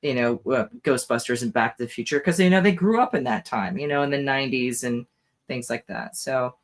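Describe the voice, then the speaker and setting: A man co-hosting a podcast in casual chat, hoarse and tired, rambling with lots of fillers and frequent laughs. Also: mid-range voice, a little fast. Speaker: podcast co-host.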